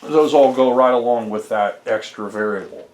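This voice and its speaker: A man's voice: mid-range voice, normal speed, darkish tone, roomy sound. A man, a homebrew game developer, casually walks through his game code. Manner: rambling, explains code step by step with fillers. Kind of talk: casual screen-recorded dev vlog.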